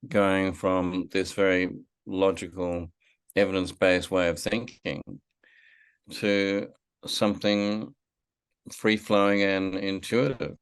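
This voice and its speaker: A man's voice: low voice, flat delivery, slow, clean tone, dry recording. A middle-aged man, a filmmaker guest in a podcast interview, telling a story reflectively with many fillers and restarts. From Australia.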